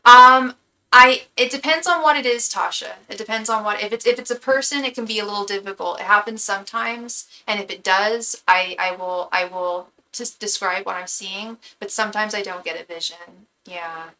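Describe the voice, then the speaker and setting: Bright-voiced woman giving chatty tarot readings. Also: mid-range voice, normal speed, poor audio. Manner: casual, chatty, stammers and repeats words. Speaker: tarot reader and psychic. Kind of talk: live tarot reading to a chat.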